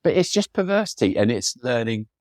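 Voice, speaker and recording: As a podcast guest, a middle-aged photographer tells stories with enthusiasm and chatter, acting out quotes along the way. His medium-pitched voice is sing-song, brisk and a bit dark in tone, recorded dry at studio quality.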